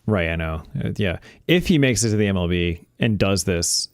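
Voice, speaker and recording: A man co-hosting a podcast, chatting about sports in a relaxed, agreeable way. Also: deep voice, normal speed. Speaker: podcast co-host. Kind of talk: casual sports chat.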